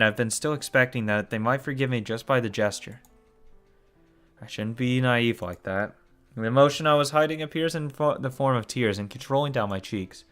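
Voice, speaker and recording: A man's voice: mid-range voice, fairly bright tone, smooth. A man reading a visual novel aloud as a let's play host, breaking off into shocked cursing and groans. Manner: shocked cursing and groaning between read lines.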